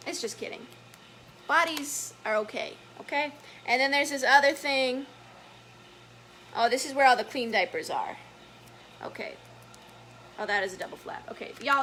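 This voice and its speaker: A woman reading a picture book aloud to children as a story time educator, chatty and gentle, stopping to point at the pictures. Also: sits high, a little hiss or hum.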